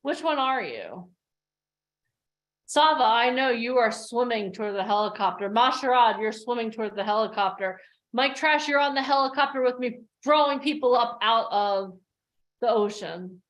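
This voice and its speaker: A woman with a fairly high voice gives a motivational coaching talk over a video call. She tells stories with animated energy and acts out the voices of the people in them. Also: normal speed. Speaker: coach hosting an online workshop.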